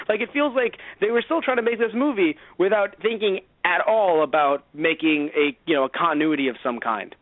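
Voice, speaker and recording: A man co-hosting a casual movie-review podcast, talking in an animated, profane way and acting out mock dialogue. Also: high-pitched, normal speed, hardly any pauses, dry recording. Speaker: podcast co-host. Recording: tinny phone-like sound, dry.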